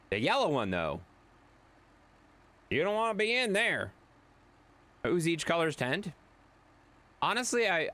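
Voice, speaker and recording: Chatty male streamer with lively pitch. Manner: rambling, chatty, reads and answers viewer chat. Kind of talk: casual live-stream chat.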